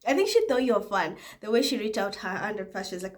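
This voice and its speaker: A woman's voice: medium pitch, very animated, fast, few pauses. Gossipy woman vlogger with a cold. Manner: gossipy, laughs often, mocking asides. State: has a cold, coughing. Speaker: channel host reading viewer comments. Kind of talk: casual vlog chat.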